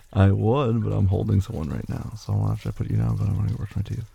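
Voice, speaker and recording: In a boyfriend role-play audio, a young man plays a caring partner tucking his sleepy girlfriend into bed, gentle and reassuring with some soft teasing. His tender, heavily acted voice is on the low side, a little fast, creaky and husky.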